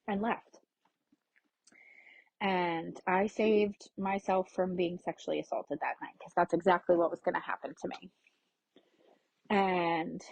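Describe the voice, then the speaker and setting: A woman's voice: fairly low pitch, a little mellow, dry recording, muffled recording. A woman hosting her own podcast, candidly telling a personal story in a frank, casual way that includes swearing. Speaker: podcast host.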